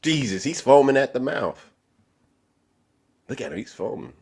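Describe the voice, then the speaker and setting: A man hosting a live online debate stream, teasing his guest theatrically and swinging from loud outbursts to hushed asides. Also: medium pitch, sing-song, normal speed, creaky, slightly rough. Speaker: livestream debate host. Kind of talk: animated mocking commentary.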